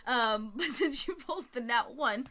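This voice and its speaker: A woman's voice: fairly high pitch, lively intonation, moderate pace, a crowd in the background. A woman running a tabletop game as game master, narrating with giggles and lots of fillers.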